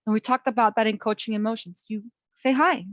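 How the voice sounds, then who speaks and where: A middle-aged woman teaching a parenting webinar, gentle and coaching in tone, talking through calm self-talk. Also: fairly high pitch, fast talker, dry recording, lo-fi sound. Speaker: parent educator.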